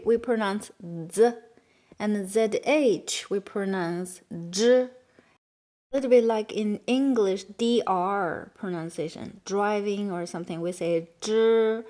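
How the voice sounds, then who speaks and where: A Chinese-accented woman teaching beginners, explaining patiently in simple English and saying words slowly and carefully. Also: medium pitch, a little mellow. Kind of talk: beginner language lesson.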